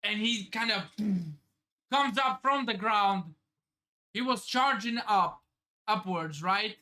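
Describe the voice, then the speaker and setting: Man, live manga reaction streamer, excitable, swears a lot, bright voice, slow drawn-out talk. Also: sits high. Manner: excitable, swears, narrates pages aloud.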